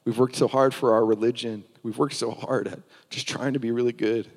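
A man's voice: medium pitch, fairly even intonation, a little fast. A man preaching a sermon in a church, telling a story earnestly and often restarting his words. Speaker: pastor. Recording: long hall reverb.

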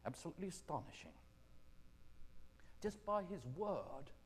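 A man preaching a gentle, conversational sermon full of rhetorical questions. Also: mid-range voice. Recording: echoey hall reverb.

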